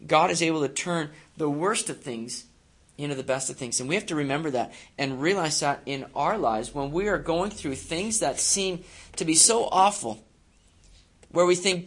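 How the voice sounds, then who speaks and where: A man's voice: on the high side, lively intonation, moderate pace, gravelly, a bit bright, breathy edge. A male pastor preaching a sermon in a conversational way, with frequent fillers and repeated words.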